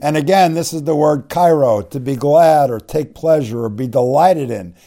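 A man's voice: fairly high pitch, warm tone. A man preaching a conversational bible-teaching sermon, explaining Greek words and often saying "you know" between phrases. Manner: conversational, many fillers and restarts; spells out Greek words slowly.

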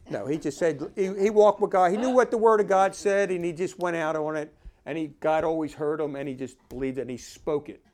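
A man's voice: a little high, darkish tone. A man giving informal Bible teaching, talking conversationally and reading verses aloud with emphasis. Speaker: preacher.

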